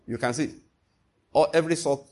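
This man's preaching is spirited and emphatic, and he questions his audience rhetorically again and again. His voice leans high, and his pace is a little fast.

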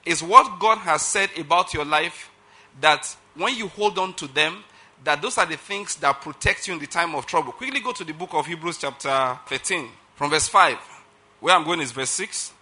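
A man's voice: on the high side, normal speed, sharp tone. A middle-aged man preaching a sermon emphatically, often checking that listeners follow his point. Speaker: pastor.

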